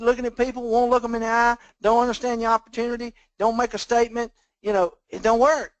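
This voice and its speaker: A man's voice: very high voice, no echo. An older man leading a motivational business coaching talk over a phone conference line, folksy and plainspoken, often checking in with his listeners. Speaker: business trainer leading a team call.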